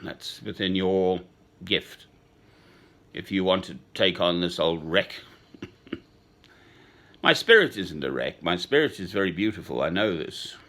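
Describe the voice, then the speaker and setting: Deep voiced guy in his sixties, slow rambly sentimental chat, chuckles now and then. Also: lively intonation, fairly bright tone. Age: 60s. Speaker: speaker addressing a woman. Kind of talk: rambling personal monologue.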